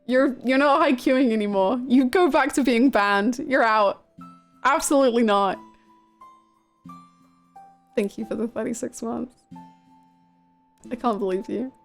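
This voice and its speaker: Girl streaming and chatting with chat, kinda high voice, excitable, swears a lot. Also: a little slow, long pauses, faint music behind. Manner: chatty and gushing, swears freely, laughs often. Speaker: game streamer. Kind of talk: casual live-stream chat with viewers.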